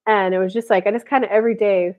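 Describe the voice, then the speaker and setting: A woman's voice: medium pitch, fairly even intonation, quick pace, narrow, tinny audio. A woman hosting a live stream of intuitive readings, chatting casually with many fillers and restarts, short of breath. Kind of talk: casual live-stream chat with channeled messages.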